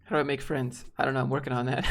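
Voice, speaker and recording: This streamer's medium-pitched voice is flat in delivery, a bit bright, fast, and marked by vocal fry. He rambles casually and bluntly to his chat, dropping fillers and swearing here and there during the live stream.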